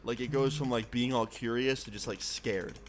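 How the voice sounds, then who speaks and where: A young adult man streamer telling a story in a casual, profane, animated way, with a noisy background of keyboard clicks. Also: mid-range voice, moderate pace.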